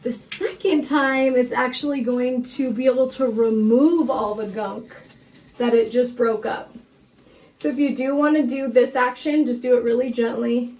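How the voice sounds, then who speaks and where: Her voice is on the high side and darkish, with fairly even intonation and an unhurried delivery. She's a hair care vlogger in a bathroom shower, running water going, explaining how she washes her hair in a chatty, instructive way with frequent fillers while slightly out of breath. The audio is poor and she's far from the mic.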